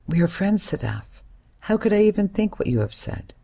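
A man's voice: high voice, very animated, moderate pace, vocal fry, dark tone, voice pushed up, heavily acted. A woman reading as a hesitant earnest young man. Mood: pleading. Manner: hesitant yet serious, soothing.

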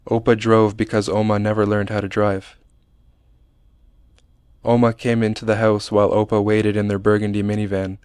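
A man reading a personal memoir aloud in a measured, understated manner. His voice sits low and stays flat and even, smooth and clear, with a dry, close sound. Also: dry recording. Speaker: narrator.

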